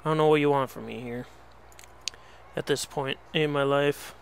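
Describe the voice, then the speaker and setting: A man's voice: mid-range voice, fairly even intonation, moderate pace, creaky, a little hiss or hum. A young man commentating on his game, exasperated and pleading, swearing at the animals as he plays. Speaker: let's play host. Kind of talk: casual gameplay commentary.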